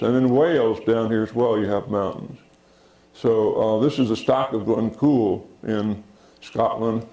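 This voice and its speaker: A man lectures from his slides in a roomy, echoing hall. His voice is dark and gravelly, and he speaks haltingly, with many fillers. He keeps calling out "next" to move on to the next slide. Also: mid-range voice. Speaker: geology lecturer.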